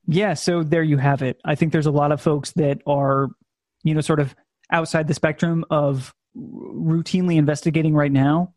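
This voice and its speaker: A man hosting a podcast, friendly and relaxed, with fillers as he wraps up. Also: a little high, no room sound, clean studio sound. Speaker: podcast host. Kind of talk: casual podcast wrap-up.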